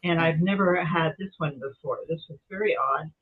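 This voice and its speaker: A woman on a video call telling her experience in a meditation group, animated and acting out the voices she heard. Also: low voice, normal speed, breathy edge. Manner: animated storyteller, acts out quoted voices. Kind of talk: casual chat on Zoom. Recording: tinny phone-like call audio.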